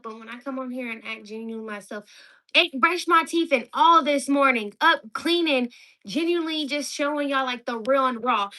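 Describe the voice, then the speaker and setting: A woman's voice: high voice, a little fast, bright, forceful tone, rough recording. A woman in her twenties chatting casually on a livestream, answering viewer comments in a blunt, outspoken way and swearing freely.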